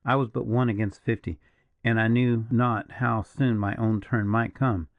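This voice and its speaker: A man voicing a grave, brooding partisan officer in an audiobook, speaking slowly and in a measured, mournful way. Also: mid-range voice, fairly even intonation, no room sound, narrow, tinny audio, lightly acted. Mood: grim. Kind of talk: audiobook character reading.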